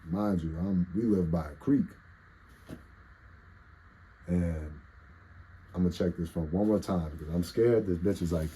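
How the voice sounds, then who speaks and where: Deep, husky, nasal man rambling. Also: a little slow, pauses often, mellow, rough recording. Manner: rambling, profane, self-interrupting. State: congested with allergies. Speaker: vlogger telling stories. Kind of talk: casual storytime monologue.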